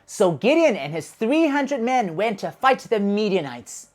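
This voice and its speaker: Lively woman telling a children's story. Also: mid-range voice, a little slow. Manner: animated and expressive, with shouted sound effects. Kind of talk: children's Bible story narration.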